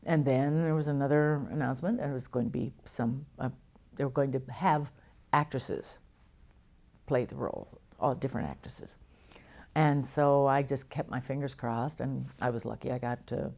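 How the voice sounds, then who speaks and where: An older actress telling lively stories in an interview, with frequent laughs and restarts. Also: female voice, very deep voice, creaky. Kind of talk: storytelling interview.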